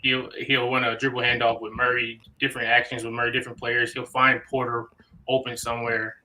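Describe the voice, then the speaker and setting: A man's voice: mid-range voice, little pitch movement, brisk, bright, forceful tone, low-quality recording. A man co-hosting a live basketball podcast, talking it over casually and restarting his sentences often. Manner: restarts and repeats words often. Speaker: podcast co-host. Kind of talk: casual sports talk.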